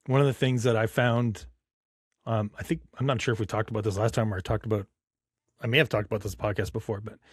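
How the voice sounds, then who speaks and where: A man hosting a podcast muses aloud in a casual, rambling way and stops often for fillers. His voice sits at an ordinary middle pitch. The recording is dry and close. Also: dry recording. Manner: reflective, rambling, with many fillers. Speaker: podcast host. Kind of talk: casual chat.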